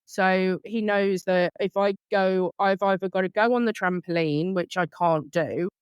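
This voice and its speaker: A woman in her thirties hosts a relaxed podcast chat with a smooth, resonant voice. She talks candidly and pokes fun at herself. The sound is dry and close. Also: mid-range voice, a little slow, no echo, dull audio. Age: 30s. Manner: chatty, candid, self-deprecating. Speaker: podcast host. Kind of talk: casual conversational interview.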